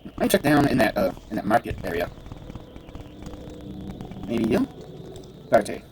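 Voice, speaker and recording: A man's voice: lowish voice, big pitch swings, a little slow, a little mellow, slight background noise. A man giving casual gameplay commentary, muttering to himself and bursting into cursing rants. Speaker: gamer playing a role-playing game.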